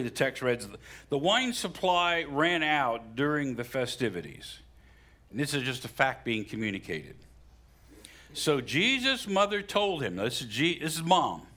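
A middle-aged male pastor preaching a sermon, animated, with sudden rises for emphasis and asides to the congregation. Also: mid-range voice.

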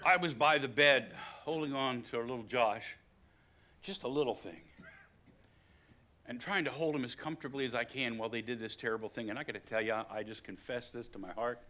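Speaking fairly quickly at medium pitch, this older pastor from West Virginia, with the state's accent, moves between quiet storytelling and loud, forceful preaching in his sermon.

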